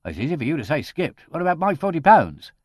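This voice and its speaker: A man's voice: fairly high pitch, very animated, quick pace, a little mellow, no room sound, clean studio sound, pitched above the performer's own voice. A man voicing an indignant young working-class man.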